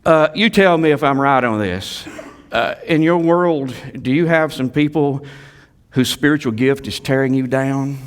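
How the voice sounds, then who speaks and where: Pastor guy preaching, mid-pitched voice, goes quiet then gets loud, repeats stuff for punch. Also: clear, resonant tone. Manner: emphatic, swings from quiet asides to loud exhortation; repeats key phrases for emphasis. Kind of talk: sermon.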